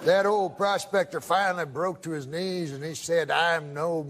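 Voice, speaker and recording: A man who is a talk show guest, telling a long rambling joke in a halting, deadpan drawl full of "he says" asides, in a TV studio with a laughing audience. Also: fairly high pitch.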